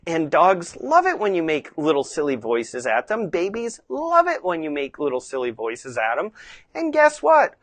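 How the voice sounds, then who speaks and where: A woman instructor teaching carriage driving in a casual, chatty way, lively and acting out tones of voice. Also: deep voice, normal speed, hardly any pauses, dry recording. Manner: conversational, chatty with fillers.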